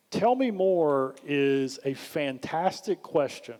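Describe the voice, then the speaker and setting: Man, workshop speaker, fairly high voice, lively delivery, long reverb of a big hall. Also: unhurried. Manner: animated, acts out questions in a lifted voice. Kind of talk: leadership workshop talk.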